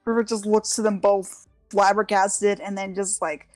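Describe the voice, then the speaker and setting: A woman's voice: mid-range voice, level tone, normal speed, no room sound, soft background music. Giggly woman player, dry close sound. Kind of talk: narrating her character in a tabletop game.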